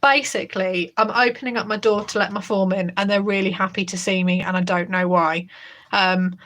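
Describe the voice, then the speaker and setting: A woman's voice: medium pitch, steady tone, a little fast, a bit bright. A woman in her thirties, a schoolteacher, chatting casually on a livestream, sarcastic and rambling, often breaking into laughter. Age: 30s.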